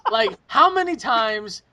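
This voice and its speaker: A man's voice: extremely high pitch, sing-song, slow pace, bright, forceful tone, muffled recording. A brash young man swearing and laughing in a casual gaming podcast chat. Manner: brash, profane, laughs a lot. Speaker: podcast co-host.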